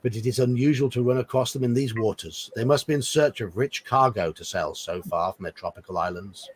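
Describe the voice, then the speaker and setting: Grave ship captain, tall and red-bearded, read by a man. Slightly husky tone, measured storybook delivery. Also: mid-range voice, natural voice.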